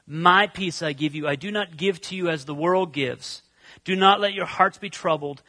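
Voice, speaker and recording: A man's voice: a little high, pushed and bright, dry recording. A middle-aged man preaching a sermon, conversational, telling stories and turning to ask the congregation questions. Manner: conversational, storytelling with asides to the congregation. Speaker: pastor.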